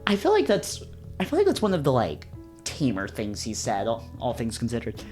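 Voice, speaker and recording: A man's voice: mid-range voice, huge pitch swings, normal speed, a little mellow, soft background music. Man wryly reading a visual novel. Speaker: let's play host.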